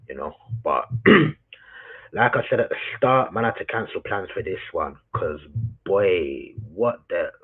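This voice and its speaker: On a live stream, a man rants about his football team, swearing, repeating himself and addressing his chat as "people." His voice is medium in pitch with a breathy edge, and the audio is tinny and phone-like.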